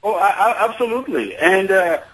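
A man's voice: sits high, expressive, moderate pace, a bit bright, breathy edge, low-quality recording. Hesitant middle-aged male radio caller. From Iran. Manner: hesitant, many fillers. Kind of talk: phone-in call to radio show.

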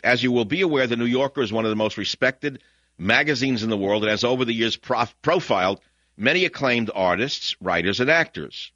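A man's voice: on the low side, no echo, highs cut off. A man hosting a talk radio show, reading a lawyer's letter aloud and breaking in with sardonic asides. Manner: sardonic, reads quotes flatly then jumps in with sharp asides. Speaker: radio host.

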